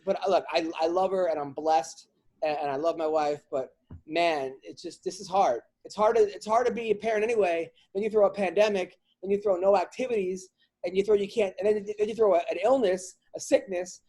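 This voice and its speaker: A man hosting a podcast, a comedian talking in a casual chat and venting in an animated, rambling comic way with lots of restarts. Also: sits high, fairly quick.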